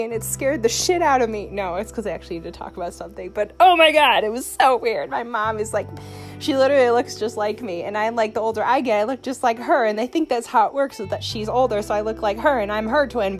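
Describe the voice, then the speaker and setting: A young woman hosting a solo podcast into her phone, rambling, profane and sarcastic, with sudden jumps in pitch. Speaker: podcast host.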